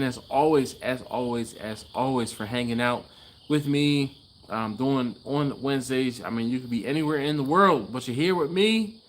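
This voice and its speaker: Laid-back male livestream host, casual and chatty, mid-pitched voice, faint crickets in the background. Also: a little hiss or hum. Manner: laid-back, chatty, laughs often, trails off. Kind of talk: casual live-stream chat reading comments. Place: garage.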